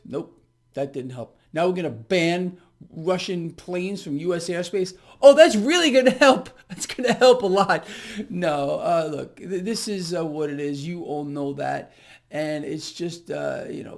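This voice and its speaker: Man, high voice, sarcastic market commentary, filler-heavy, emphatic. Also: darkish tone. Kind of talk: direct-to-camera market commentary.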